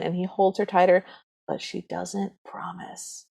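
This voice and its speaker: Mellow-voiced woman podcast co-host. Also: on the low side, flat delivery, measured pace, vocal fry. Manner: chatty, speculates and addresses listeners directly. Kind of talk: casual chat recapping a movie.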